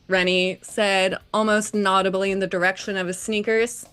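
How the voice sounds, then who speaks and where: A woman co-hosting a book podcast, reading a novel aloud in steady narration with side comments. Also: medium pitch, normal speed, clean tone, faint music behind. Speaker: podcast co-host.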